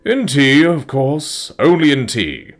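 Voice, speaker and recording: A man voicing a kind, motherly female dragon who speaks politely and teases gently in a storybook reading. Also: mid-range voice, wildly swooping pitch, normal speed, soft background music, pitched above the performer's own voice. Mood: fond teasing. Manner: polite, wistful, playful.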